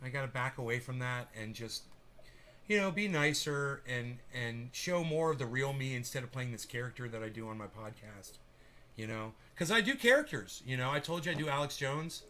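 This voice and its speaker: A man's voice: mid-range voice, expressive, moderate pace, sharp tone. A male podcast host chatting casually, rambling, laughing and swearing freely. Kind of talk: casual chat on a live audio room.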